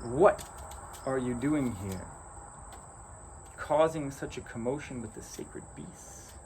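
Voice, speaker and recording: A man voicing a giant, all-seeing magical cat who speaks with lordly authority, recorded outdoors with loud crickets behind him. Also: mid-range voice, animated, takes it slowly, background noise. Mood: stern.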